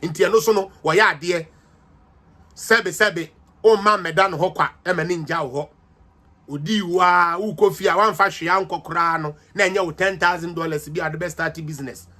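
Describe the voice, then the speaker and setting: A man's voice: high voice, fairly even intonation, normal speed, sharp tone. A Ghanaian-accented man hosting a livestreamed political commentary, combative and mocking as he switches between languages.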